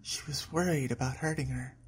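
A woman narrating an adult short story at a steady reading pace. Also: very deep voice, a little slow.

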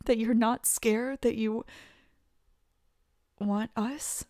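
A woman's voice: a little high, steady tone, extremely slow, darkish tone, no echo, clean studio sound. A young woman voicing a pregnant best friend who confesses her love in an audio role-play, talking emotionally with stammers and laughing through tears. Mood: tearful joy.

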